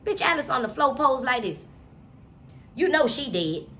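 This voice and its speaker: A woman casually recapping a novel with profane, animated storytelling. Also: high-pitched, normal speed, very noisy. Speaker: book reviewer.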